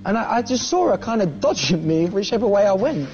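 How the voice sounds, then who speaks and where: A man's voice: high voice, big pitch swings, fairly quick. A man, a pop singer, talking in a cheeky, playful way in an interview. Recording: dull TV audio with music.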